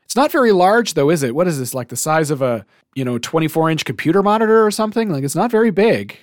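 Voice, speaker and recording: A man's voice: fairly high pitch, lively intonation, fast, no echo, clean studio sound. A man co-hosting a podcast, chatting casually and enthusiastically, with lots of fillers. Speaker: podcast co-host. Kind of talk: casual chat.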